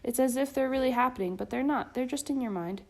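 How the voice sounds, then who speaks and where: A woman voicing a calm, reassuring bear father in a slightly lowered voice. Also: fast.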